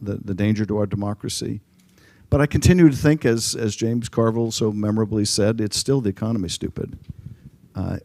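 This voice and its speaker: A middle-aged congressman answering an audience question at a panel, speaking in a measured way with frequent ums and restarts. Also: fairly low pitch, vocal fry, a little mellow, no room sound. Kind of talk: public panel talk. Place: conference room.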